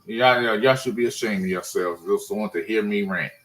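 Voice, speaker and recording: A man's voice: on the low side, normal speed, a bit bright, rough recording. Frustrated man ranting about his team. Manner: frustrated, rambling, with restarts. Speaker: sports fan vlogger. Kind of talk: casual ranting monologue.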